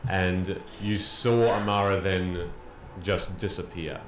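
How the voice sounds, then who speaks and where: A man running a tabletop game as game master, narrating calmly and slowly. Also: low-pitched. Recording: echoey room with faint noise.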